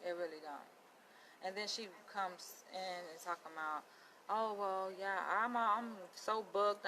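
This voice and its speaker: A woman's voice: deep voice, background noise. A young adult woman, chatting to her viewers and retelling a story with lots of quoted dialogue. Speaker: vlogger.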